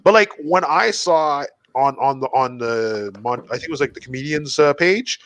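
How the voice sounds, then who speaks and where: A man's voice: medium pitch, expressive, moderate pace, fairly bright tone, no echo. A man hosting a comedy podcast, who rambles and swears a lot. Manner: rambling, full of restarts and swearing. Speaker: podcast host. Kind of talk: casual podcast chat.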